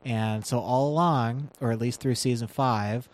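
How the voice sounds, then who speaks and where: A man's voice: medium pitch, measured pace. A man co-hosting a podcast, chatting casually with many fillers while recapping a TV episode. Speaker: podcast co-host.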